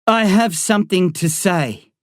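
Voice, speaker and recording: Give me a calm, mysterious boy speaking deliberately, as a woman reads him, slow pace. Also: fairly low pitch, dry recording, studio quality, natural voice.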